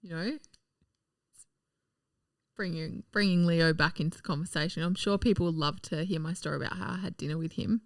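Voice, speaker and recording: A woman's voice: lowish voice, brisk, long pauses, dry recording, clean studio sound. A woman in her thirties co-hosting a casual podcast, giggly and playful, swearing casually. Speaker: podcast co-host.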